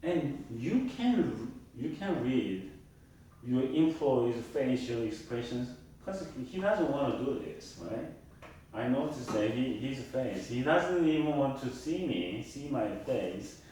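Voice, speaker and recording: A man lecturing a class at an unhurried, deliberate pace, pressing each point home and checking in with the room. His voice comes from well away from the mic and rings through a very echoey lecture hall, with faint noise underneath. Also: medium pitch, very animated, dark tone, far from the mic. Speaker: university lecturer.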